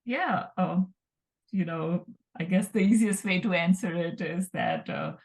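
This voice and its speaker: Low-voiced middle-aged woman. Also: a little slow. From India. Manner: relaxed, thoughtful, many fillers. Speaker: guest entrepreneur. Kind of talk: casual interview talk.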